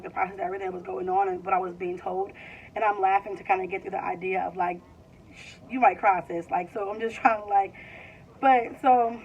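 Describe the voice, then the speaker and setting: A woman's voice: mid-range voice, vocal fry, a little hiss or hum. A woman in her twenties casually telling a personal story, full of "like" and rambling restarts. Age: 20s. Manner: chatty, fills with "like", rambling restarts. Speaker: vlogger. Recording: slightly distant, dull lo-fi sound.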